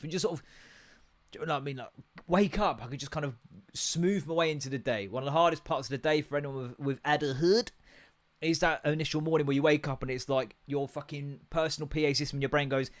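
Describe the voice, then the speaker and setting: A man's voice: a little high, fast. A young English man hosting a podcast, ranting in a casual, sweary way that jumps from topic to topic. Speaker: podcast host.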